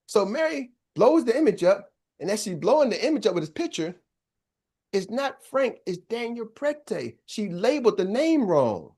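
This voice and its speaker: A man's voice: high-pitched, very animated, moderate pace, darkish tone, husky. An older man, a business coach, telling a story to an audience in a casual, slangy way and acting out both sides of each conversation.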